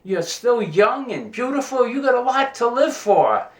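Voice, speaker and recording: A man voicing a smooth-talking young sailor in a joke, in a fairly roomy recording. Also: extremely high pitch, big pitch swings, unhurried, pitched above the performer's own voice, heavily acted. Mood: persuasive. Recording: roomy echo.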